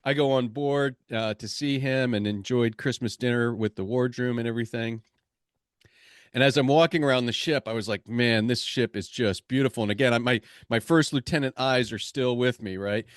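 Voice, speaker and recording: A man's voice: mid-range voice, moderate pace, clean tone, dry recording, studio quality. A man with an American accent hosting a podcast, telling a story in a casual way with fillers. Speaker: podcast host. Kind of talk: conversational podcast interview.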